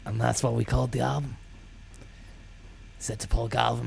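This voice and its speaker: A man delivering a rambling, deadpan comic monologue full of absurd tall tales and casual swearing. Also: medium pitch, moderate pace, creaky, long pauses, a little hiss or hum. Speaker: comedy podcast host.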